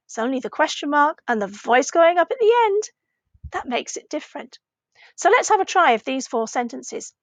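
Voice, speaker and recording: A woman teaching a recorded lesson for children, slowly modelling phrases with a clearly rising question tone and patient, encouraging talk. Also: high voice, big pitch swings, no room sound. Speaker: primary Spanish teacher.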